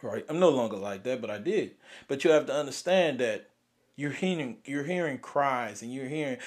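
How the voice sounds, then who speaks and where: A young man, hosting and venting about grief in a raw, profane way, swinging from loud outbursts to near-whispers. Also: mid-range voice, expressive, moderate pace. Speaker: podcast host. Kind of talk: emotional personal venting.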